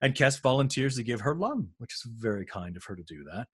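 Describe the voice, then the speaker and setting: A man's voice: medium pitch, very animated, fast, fairly bright tone, husky. A middle-aged man co-hosting a podcast, chatty and agreeable as he recalls an episode. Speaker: podcast co-host. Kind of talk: casual rewatch discussion.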